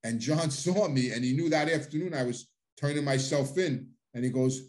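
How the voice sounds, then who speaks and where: A middle-aged or older man tells his life story as a loose, rambling monologue, full of restarts and plain street talk. His voice is mid-range and a little mellow, at a normal speed.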